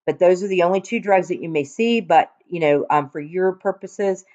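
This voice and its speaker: A woman's voice: lowish voice, normal speed, a little mellow. A woman teaching nurses in a casual, conversational way, checking in often with "okay?". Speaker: nursing instructor. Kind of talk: recorded classroom lecture. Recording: dull lo-fi lecture recording.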